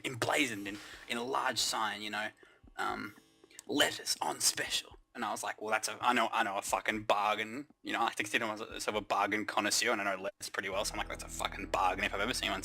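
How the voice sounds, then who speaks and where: A man's voice: fairly low pitch, little pitch movement, fast, creaky, pushed and bright. A young Australian man telling a rambling comic story, swearing constantly and puffing up small events with mock-grand exaggeration.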